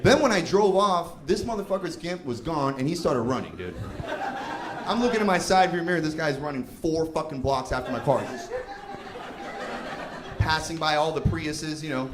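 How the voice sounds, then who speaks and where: Profane, lively stand-up man in his thirties. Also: a little high, normal speed. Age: 30s. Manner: profane, animated storytelling. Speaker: stand-up comedian. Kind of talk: live stand-up comedy. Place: comedy club stage. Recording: echoey club with crowd noise.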